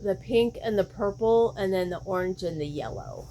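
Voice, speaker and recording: A woman's voice: mid-range voice, animated, moderate pace, mellow, a little hiss or hum. A woman hosting a crochet vlog, chatting casually and thinking aloud, often questioning herself mid-sentence. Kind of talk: casual show-and-tell chat.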